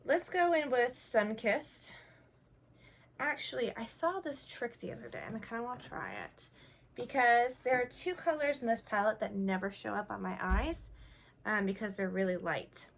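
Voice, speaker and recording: Chatty and self-deprecating, this young woman talks through applying makeup in a casual tutorial, making jokes at her own expense while testing products. She speaks at a moderate pace in an expressive, creaky voice on the high side.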